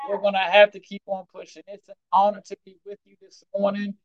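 A pastor welcoming a congregation and opening a sermon, drawn-out and exhorting, streamed on a video call. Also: mid-range voice, completely flat delivery. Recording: dry, dull lo-fi sound.

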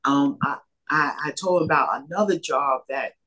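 Husky man telling a rambling story. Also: fairly high pitch, moderate pace, sharp tone. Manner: rambling, repetitive retelling with many quoted exchanges. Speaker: storyteller sharing a faith testimony. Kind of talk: casual spoken testimony.

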